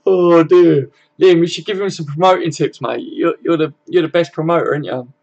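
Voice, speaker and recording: Young male fan-stream host, slightly high, gravelly voice, relaxed and sweary. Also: normal speed, lo-fi sound. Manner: laid-back, swears freely, chuckles often. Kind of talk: casual live-stream chat, reading comments aloud.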